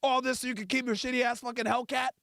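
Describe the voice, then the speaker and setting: A man's voice: extremely high pitch, little pitch movement, fast, bright, forceful tone, no echo, clean studio sound. A male podcast host telling a profane comedic rant in a mocking, crude storytelling manner.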